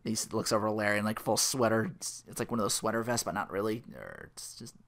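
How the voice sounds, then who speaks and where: A man casually retelling a film scene by scene, rambling with lots of "like" and quick laughs. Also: fairly low pitch, fairly bright tone. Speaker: channel host retelling a film.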